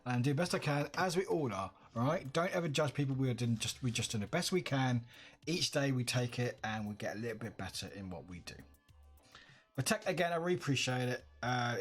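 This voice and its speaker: A man's voice: medium pitch, husky. A tired man chatting casually on a live stream, upbeat and greeting his viewers by name.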